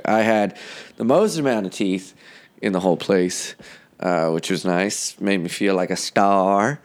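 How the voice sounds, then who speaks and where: Guy with a low smooth voice, swearing a lot, rambling comedy podcast host. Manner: loose and profane, breaks into sung lines and mock voices. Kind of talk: casual storytelling chat.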